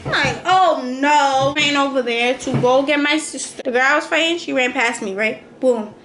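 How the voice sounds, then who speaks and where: Young woman vlogger, high bright voice, animated storyteller, roomy echo with faint hum. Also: normal speed. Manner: animated, slangy retelling with acted quotes. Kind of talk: storytime vlog.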